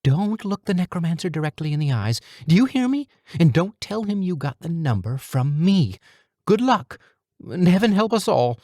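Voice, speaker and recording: A man voicing a meek, polite character who talks on the phone in a high, nasal voice. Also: very animated, darkish tone, dry recording, clean studio sound. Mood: urgent. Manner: fast, eager, high-pitched customer-service voice. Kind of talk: audiobook character voice.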